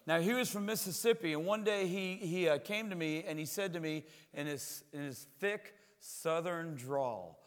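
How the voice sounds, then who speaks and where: High-voiced male pastor preaching in a hall. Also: moderate pace, few pauses. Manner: conversational, repeats words while searching. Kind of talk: sermon.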